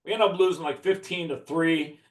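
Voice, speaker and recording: A man's voice: on the high side, steady tone, a little fast. A man from the Chicago area telling a profane story in a casual chat, laughing as he talks. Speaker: podcast guest. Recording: echoey room.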